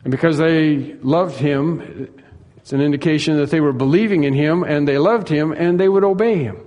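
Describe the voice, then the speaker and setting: A man's voice: a little high, normal speed, a little mellow, long reverb tail, muffled recording. A man preaching a sermon in an earnest, repetitive way, acting out the dialogue he tells.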